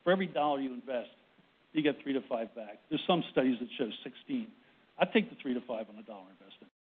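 Speaking fast and animated, with a breathy edge to his mid-range voice, a Boston man gives a workplace presentation as a panel presenter in a conference room full of people. He's short of breath, restarts often, and keeps asking "right?", all captured on a tinny, phone-like recording.

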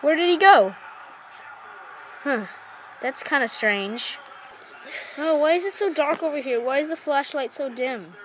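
Brief: woman doing a jittery scared lady, very high, slow and halting, always asking questions. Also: lively intonation, fairly bright tone, a little hiss or hum. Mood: scared, questioning. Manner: nervous, keeps asking questions. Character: jumpy frightened lady exploring with a flashlight.

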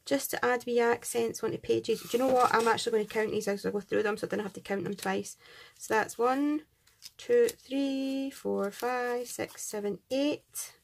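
A woman's voice: on the high side, fairly even intonation, normal speed, vocal fry, slight background noise. A Scottish woman hosting a craft channel, chatting casually and gushing as she unboxes and counts items aloud. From Scotland.

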